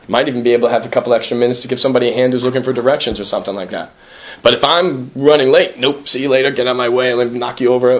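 A man speaking at a recovery meeting, earnest and self-deprecating, repeating himself and often asking for agreement. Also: medium pitch. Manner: repetitive, conversational, keeps asking "right?". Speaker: recovering alcoholic sharing at a meeting. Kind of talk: personal recovery talk.

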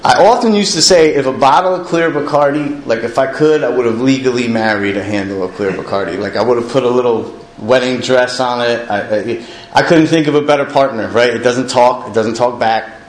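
A man's voice: mid-range voice, a little fast, hardly any pauses. A man speaking candidly to a recovery meeting, telling his own story in a conversational, self-mocking way and often asking the room "right?". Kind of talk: personal recovery story told to a group. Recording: echoey room with faint ambience.

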